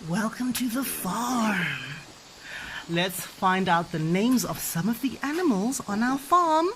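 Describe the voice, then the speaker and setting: A parent teaches her toddler at home with toys, her fairly high voice animated and slow over some background noise. She asks coaxing, sing-song questions and playfully acts out animal sounds during the toy play.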